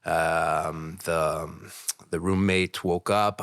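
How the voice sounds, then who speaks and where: Low-voiced man telling a candid story. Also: slow pace. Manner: candid, animated retelling with voiced quotes. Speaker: guest. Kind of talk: casual storytelling.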